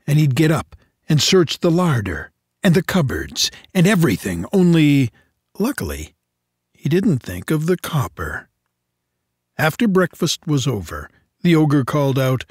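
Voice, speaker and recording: A man reading a fairy tale aloud in an expressive, unhurried storytelling manner. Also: a little high, husky, no room sound, studio quality.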